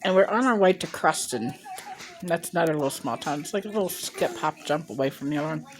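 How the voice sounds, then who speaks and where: A woman's voice: low-pitched, animated, fast, a little hiss or hum. A woman in her sixties from Ohio, telling a rambling personal story to camera on a handheld phone, with chatty asides as she eats. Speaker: mukbang vlogger.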